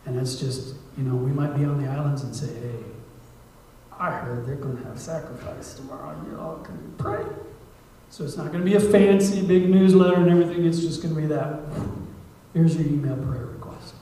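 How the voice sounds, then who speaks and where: A man preaching as a guest missionary in a church sermon, conversational, acting out prayers and dialogue, moving from hushed asides to loud appeals. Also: on the high side, a little fast, a little hiss or hum. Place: church sanctuary. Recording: echoey church hall, mic at a distance.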